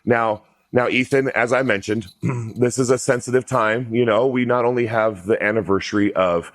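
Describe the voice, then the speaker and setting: A man's voice: medium pitch, fairly even intonation, moderate pace. A man hosting a podcast, asking direct questions in a casual, chatty way. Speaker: podcast host. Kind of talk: conversational interview.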